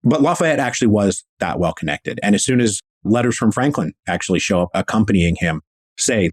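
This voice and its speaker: A man's voice: low voice, lively intonation, fairly quick, husky, no room sound. A man guest historian telling a story in a casual, enthusiastic, slangy way, acting out quotes.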